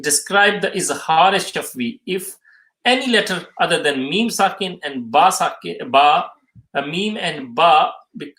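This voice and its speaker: A man teaching a live tajweed lesson, reading out questions and explaining the answers haltingly, often restating each term twice. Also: on the high side, pushed and bright. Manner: halting, many fillers, restates terms twice. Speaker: Quran recitation teacher. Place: mosque or Islamic centre room. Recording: roomy echo.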